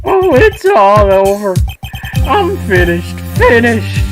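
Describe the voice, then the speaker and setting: A man's voice: very high-pitched, big pitch swings, takes it slowly, loud music behind the voice, voice pushed up, full character voice. A man doing a wailing, hysterical young defendant. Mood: despairing wail. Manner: wailing, over-the-top despair. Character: panicking young male defendant, melodramatic.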